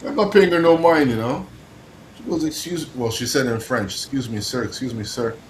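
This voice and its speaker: A man co-hosting a casual talk stream, telling stories in an animated, profane way. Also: mid-range voice, moderate pace, a little hiss or hum, poor audio. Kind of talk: casual livestream chat.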